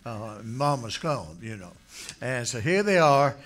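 A man preaching a folksy sermon, telling stories from his childhood and rising now and then into loud exhortation. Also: mid-range voice, sing-song, measured pace. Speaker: pastor. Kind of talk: folksy sermon with personal story.

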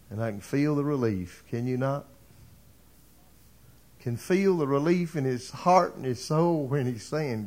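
A man's voice: mid-range voice, lively intonation, unhurried, a little mellow. A male preacher delivering a sermon, retelling a story dramatically and building to fervent appeals to the congregation.

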